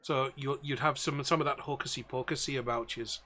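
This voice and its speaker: A man voicing a gruff, worried male ship captain with a rough put-on Belfast accent in a tabletop game. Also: medium pitch, fairly even intonation, fairly quick, sharp tone. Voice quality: rough, self-admitted poor accent.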